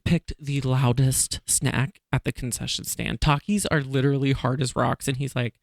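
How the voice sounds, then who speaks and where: A man hosting a casual chat podcast, telling stories in an animated way and laughing often. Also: mid-range voice, moderate pace, gravelly, no echo, clean studio sound. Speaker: podcast host.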